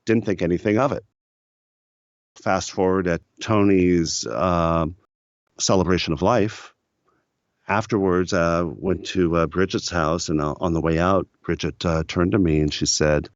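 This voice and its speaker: A middle-aged man from the United States recounts his studio years in an easygoing, filler-heavy way. His voice sits low and deep. The recording is dry and a touch dull. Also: fairly even intonation, unhurried, no room sound. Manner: rambling anecdotal storyteller with many fillers. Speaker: record producer, podcast guest. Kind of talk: casual storytelling interview.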